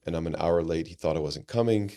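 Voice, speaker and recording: Deep-voiced man, earnest podcast storyteller, animated delivery with restarts. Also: fast talker. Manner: animated, acts out quoted dialogue, frequent restarts; earnest and reflective. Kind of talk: conversational storytelling.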